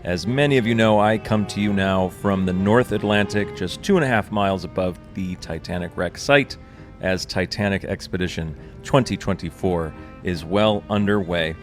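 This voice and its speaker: Man, low voice, podcast host, chatty, ship lounge, engine hum, faint music. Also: normal speed. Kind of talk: podcast hosting. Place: lounge of a research ship at sea.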